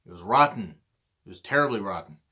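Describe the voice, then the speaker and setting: A man's voice: lowish voice, expressive, brisk, sharp tone, breathy edge. A man hosting his own vlog, delivering a blunt, profane ranting monologue. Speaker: vlog host.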